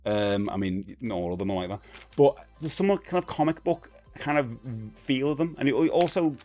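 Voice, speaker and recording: A man's voice: lowish voice, darkish tone. A man in his forties with a Cockney London accent, hosting a live stream in a casual, rambling chat with lots of fillers and restarts. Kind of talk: casual chat, reading viewer comments.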